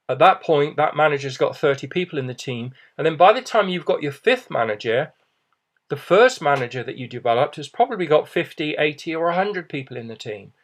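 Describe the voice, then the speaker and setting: A middle-aged man with a slightly high voice gives a persuasive business presentation. His tone is reassuring, and he often slips in "okay" and "you know."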